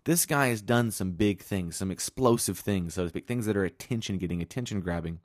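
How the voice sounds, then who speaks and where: Guy with a really low voice preaching, earnest and chatty, reads bible verses, dry close sound. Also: a little fast, dry recording. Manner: earnest, conversational, reads scripture aloud. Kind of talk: sermon with scripture reading.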